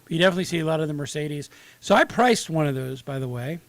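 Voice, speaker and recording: A man's voice: a little high, lively intonation, fast, no echo. A man co-hosting a casual podcast, laid-back and wisecracking. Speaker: podcast co-host.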